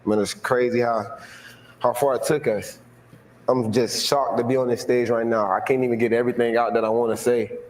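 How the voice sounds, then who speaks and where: A man's voice: mid-range voice, little pitch movement, brisk, a little mellow. A young man from Florida giving a heartfelt, emotional acceptance speech, talking casually with slang and repeating himself. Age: young adult. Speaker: award winner giving a speech. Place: large hall on a stage. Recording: echoey hall, faint noise.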